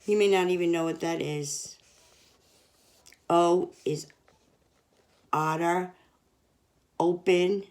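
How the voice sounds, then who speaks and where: A young woman teaching children, reading an alphabet picture book aloud and sounding out each letter. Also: fairly low pitch. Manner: slow, sounding out letters, lively sing-song.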